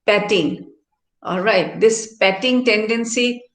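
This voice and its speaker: A woman's voice: medium pitch, slow. Middle-aged woman lecturing in a roomy hall. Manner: explanatory, asks tag questions like "no?" and "all right?". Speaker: professor giving a workshop lecture. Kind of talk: classroom lecture. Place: university activity centre hall.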